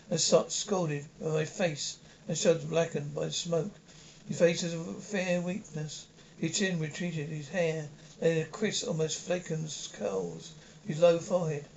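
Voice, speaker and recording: A man narrating a novel in the first person, reading haltingly with frequent slips and restarts. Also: on the high side, a little mellow. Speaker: audiobook narrator. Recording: dull lo-fi recording with faint hiss.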